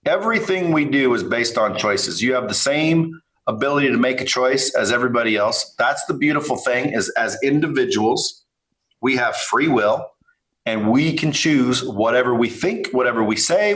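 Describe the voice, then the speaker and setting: A man guest on a podcast, talking bluntly and with a lot of swearing as he tells animated stories. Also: medium pitch, roomy sound, low-quality recording. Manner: blunt, profane, animated storytelling. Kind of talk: casual podcast interview.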